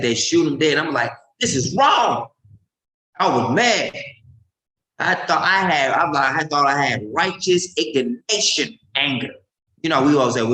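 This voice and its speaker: A man preaching informally and emphatically, swinging between loud outbursts and low murmurs. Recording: roomy echo.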